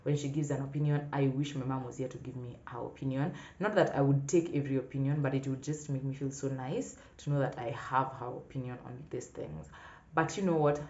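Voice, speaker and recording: A woman's voice: very deep voice, steady tone, fairly quick, mellow. A woman talking earnestly and reflectively to her viewers in a personal vlog. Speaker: vlogger. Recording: echoey room, slightly dull sound.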